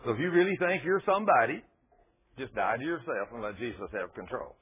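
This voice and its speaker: A man's voice: mid-range voice, expressive, brisk. A man preaching a folksy, emphatic sermon and reading from scripture. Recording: tinny phone-like radio broadcast.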